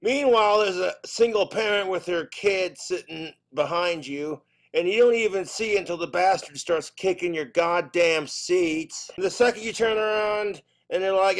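High-voiced man doing profane stand-up. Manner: profane, exasperated storytelling with quick put-on voices. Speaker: stand-up comedian. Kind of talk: stand-up comedy routine.

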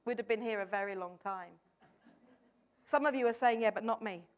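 High-voiced woman preaching emphatically. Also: brisk, lo-fi sound. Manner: emphatic, repeats key phrases, acts out doubters' lines. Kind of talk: sermon.

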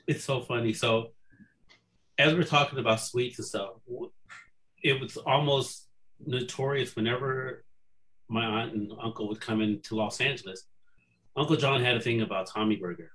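A man speaking from home on a video call, fondly reminiscing about a relative, with an amused, warm manner. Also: mid-range voice, low-quality recording. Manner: warm, amused, quick asides. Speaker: panel guest, family member. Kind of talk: fond family reminiscing.

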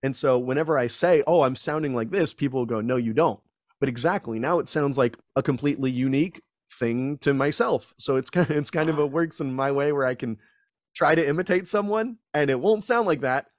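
Animated man telling stories, dry sound. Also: mid-range voice, a little fast, no room sound. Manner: animated storyteller, acts out quotes in voices. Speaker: guest actor and screenwriter. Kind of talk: casual interview chat.

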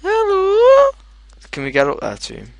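A British man chatting casually while playing a game, easygoing and quick to laugh. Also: medium pitch, vocal fry, fairly bright tone, dry recording. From Britain. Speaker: game player. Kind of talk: casual gameplay chat.

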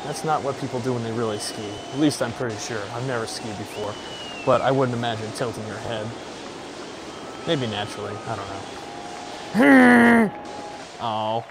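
A young man giving casual, excitable commentary as he plays a VR game, joking, swearing and yelling at the game. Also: medium pitch, moderate pace, heavy background noise. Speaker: gaming YouTuber.

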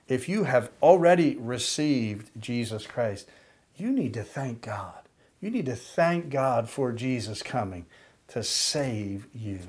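Older male pastor, slow measured sermon delivery, mid-pitched voice, pauses for emphasis. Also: a little mellow. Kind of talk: sermon with prayer.

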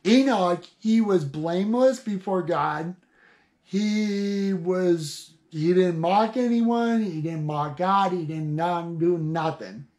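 A man giving an informal online Bible talk, reading scripture and explaining it in a halting way, often pausing to restart a phrase. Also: high-pitched, a little mellow. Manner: slow, halting, with many restarts and "see".

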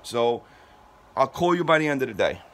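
A man's voice: mid-range voice, sing-song, moderate pace, fairly bright tone. A man who owns a moving company, talking on a heated phone call in an exasperated, defensive way, stammering and repeating himself.

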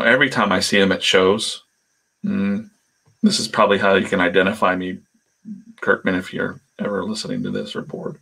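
Man, comic artist, gravelly low voice, chatty rambling, trails off to mumbles. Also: a bit bright. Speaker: comic artist streaming while drawing. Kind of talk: casual storytelling while working.

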